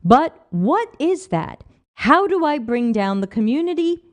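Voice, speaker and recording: Mujer con voz animada y aguda. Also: female voice, high voice, a little slow. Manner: animated, emphatic, rhetorical questions. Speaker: livestream host reading viewer comments. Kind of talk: casual livestream talk.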